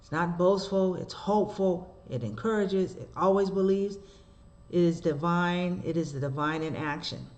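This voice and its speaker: A woman minister preaching a sermon. She shifts between slow, measured scripture reading and animated storytelling full of rhetorical asides. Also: fairly low pitch, muffled recording.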